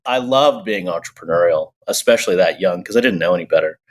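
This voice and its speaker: A man's voice: sits low, expressive, fast. Easygoing man from Texas, guest. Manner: easygoing, storytelling, self-deprecating. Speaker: agency co-founder, guest. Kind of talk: casual interview talk. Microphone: remote video call.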